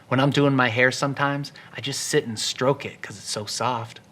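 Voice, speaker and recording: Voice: medium pitch, fairly even intonation, moderate pace, fairly bright tone, natural voice. A narrator voicing a coaxing lonely ranch wife.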